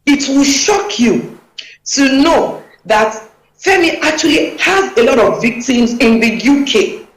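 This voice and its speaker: A woman's voice: high voice, lively intonation, measured pace, reverberant, low-quality recording. A woman, a talk show guest speaking emphatically and urgently over a video call.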